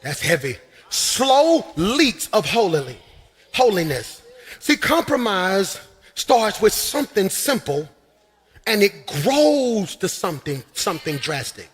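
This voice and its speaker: A man preaching a sermon as pastor in a church, shouting and swinging into sing-song runs. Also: high voice, big pitch swings, takes it slowly, a little hiss or hum. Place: church sanctuary.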